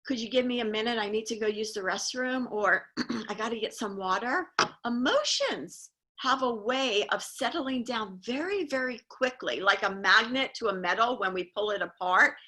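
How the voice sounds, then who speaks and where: A woman's voice: mid-range voice, bright, forceful tone. A middle-aged woman, a life coach and host, giving an earnest motivational talk and repeating her key points for emphasis.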